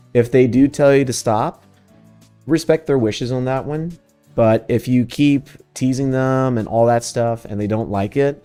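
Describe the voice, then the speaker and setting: A man's voice: medium pitch, mellow. Laid-back man streaming. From Texas. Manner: laid-back, profane, laughs often. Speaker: VTuber streamer. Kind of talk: casual livestream chat answering questions.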